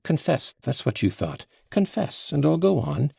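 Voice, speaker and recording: A man's voice: on the high side, wildly swooping pitch, measured pace, creaky, warm tone, breathy edge, dry recording, clean studio sound, pitched above the performer's own voice, heavily acted. A man voicing an agitated, passionate accused man in an audiobook, with heated, emphatic outbursts. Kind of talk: audiobook character voice.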